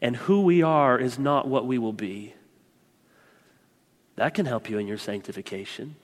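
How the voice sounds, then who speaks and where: A man in his thirties preaching a sermon, swinging between loud proclaiming and quiet, confiding asides. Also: medium pitch, moderate pace, big-room sound. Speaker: pastor.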